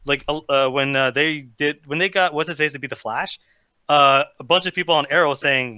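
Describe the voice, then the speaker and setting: Fast argumentative podcast dude, really sharp voice, kinda dull dry audio. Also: male voice, fairly high pitch, smooth. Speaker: podcast co-host. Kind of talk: casual chat.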